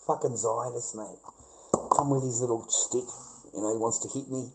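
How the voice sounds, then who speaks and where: A middle-aged Australian man talking straight into his live stream in a loose, profane rant. His voice sits at an ordinary middle pitch, and he throws in "mate" and crude swearing all the time. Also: steady tone, moderate pace, creaky, darkish tone, low-quality recording. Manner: swears heavily, says "mate" a lot, mocking laughs. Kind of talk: casual ranting monologue.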